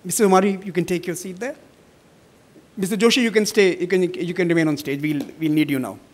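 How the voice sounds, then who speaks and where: A middle-aged man giving formal welcome remarks at a conference, measured, with many fillers when he speaks off the cuff. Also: sits high. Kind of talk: formal welcome speech, partly read, partly ad-libbed.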